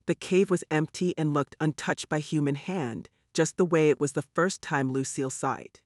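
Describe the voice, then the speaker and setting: A man reading a novel aloud in steady, wry storytelling narration. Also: on the high side, normal speed, dry recording, clean studio sound. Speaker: audiobook narrator. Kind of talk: scripted narration.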